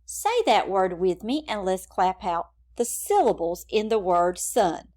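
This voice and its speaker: A woman teacher leads young children through a phonics lesson. She speaks at an unhurried, deliberate pace, and her pitch rises and falls in a lively, sing-song way to keep the kids engaged. Her tone is encouraging and patient. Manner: slow, encouraging, sing-song classroom delivery.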